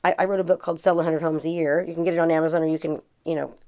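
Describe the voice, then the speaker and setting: A middle-aged woman with a slightly low voice talks through a casual podcast monologue. She speaks in a chatty, earnest way and often restarts her sentences with fillers along the way. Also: steady tone, rapid-fire, darkish tone. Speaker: podcast host and real estate coach.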